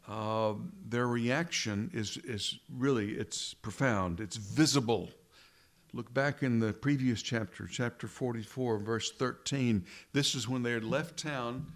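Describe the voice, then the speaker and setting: Man preaching with rhetorical questions. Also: medium pitch. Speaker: pastor. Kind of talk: sermon.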